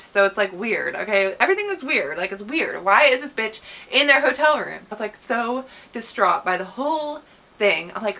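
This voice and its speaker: Young woman, bright and high-pitched, chatty storyteller who swears a lot and acts out quotes. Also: brisk. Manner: animated, profane, acts out quotes. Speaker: vlogger. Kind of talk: storytime vlog.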